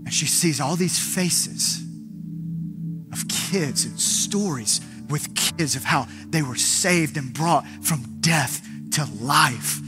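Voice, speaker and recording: A male pastor preaching an impassioned sermon, moving between urgent appeals and hushed storytelling. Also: on the high side, slow, music in the background. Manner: impassioned, building to pleas and soft hushed moments.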